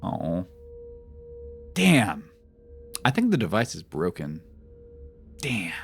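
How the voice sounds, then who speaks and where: A young man with a deep, slow voice and a touch of vocal fry chats casually on a live game stream. He rambles through anecdotes and reacts in an animated, jumpy way. Soft music plays in the background.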